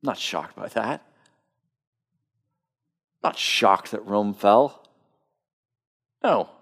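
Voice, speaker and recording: A man's voice: lowish voice, slow pace, creaky, fairly bright tone. A man preaching a sermon with passion, often repeating words as he starts a thought. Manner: impassioned, repeats words when starting phrases. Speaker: pastor.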